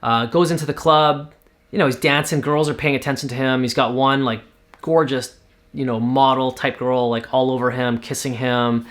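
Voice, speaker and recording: Rambling man casually pitching a story. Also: steady tone, moderate pace, a bit bright. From Canada. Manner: rambling, filler-heavy. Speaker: author pitching a TV series.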